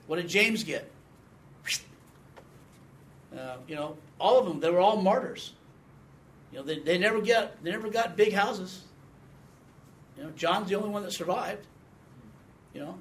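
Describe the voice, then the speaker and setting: Older male Bible teacher, higher voice, chatty, quizzes class, light background noise. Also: moderate pace, pauses often, a bit bright. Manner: conversational, asks the class questions, reads scripture emphatically. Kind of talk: teaching sermon with audience questions.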